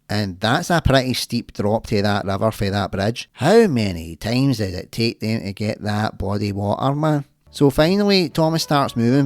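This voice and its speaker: Scottish male comic narrator, mid-pitched, sarcastic, sweary. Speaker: comic storyteller.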